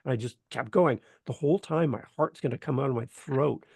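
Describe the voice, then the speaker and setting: A man from Canada, a podcast guest telling a lively story and acting out the voices in it. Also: medium pitch, brisk, creaky, husky, no room sound. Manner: animated, acts out voices in anecdotes. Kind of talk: enthusiastic storytelling in interview.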